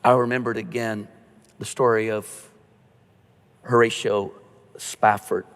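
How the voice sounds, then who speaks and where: Middle-aged pastor in a reverberant hall. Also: male voice, fairly low pitch, flat delivery, slow pace, smooth. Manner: earnest, storytelling, drops to a hush at tender moments. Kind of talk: conversational sermon. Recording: long reverb of a church hall.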